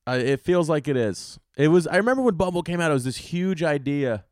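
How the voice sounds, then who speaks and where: A young man hosting a solo podcast, talking casually and with lots of swearing, swinging from loud outbursts to low muttering. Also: lively intonation, fairly quick, dry recording, clean studio sound. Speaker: podcast host.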